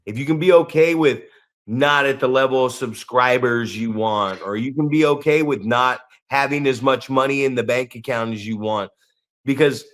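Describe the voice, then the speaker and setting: A man's voice: medium pitch, fairly bright tone. A man co-hosting a podcast, ranting in a casual, profane, emphatic way. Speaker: podcast co-host.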